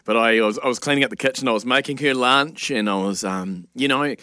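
Brief: New male radio host, easygoing storyteller, mid-pitched voice, dry studio mic. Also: a little fast, pushed and bright, dry recording. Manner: chatty, laughing anecdote telling. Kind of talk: casual on-air storytelling. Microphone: studio microphone.

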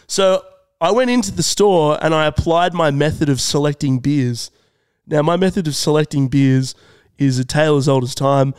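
A young man telling a comedic story on a podcast in an animated, drawn-out way. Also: on the high side, smooth, dry recording. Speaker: podcast co-host.

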